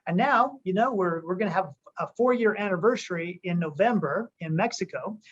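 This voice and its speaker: A man's voice: high voice, lively intonation, fairly quick, slightly rough. A man, a company co-founder, giving an upbeat conference call pep talk, rambling with frequent restarts. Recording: muffled lo-fi call audio.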